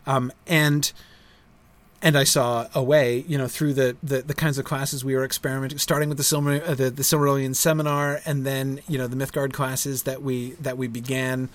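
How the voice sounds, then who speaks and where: A middle-aged school founder talks casually to viewers on a livestream, halting through many fillers and restarts and often ending his points with a tag question. His voice is medium-pitched and his delivery flat.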